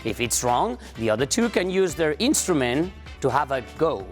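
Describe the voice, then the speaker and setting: Co-host, woman, animated pitch, chatty explainer with music bed. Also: moderate pace. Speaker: quiz co-host. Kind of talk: quiz presenting.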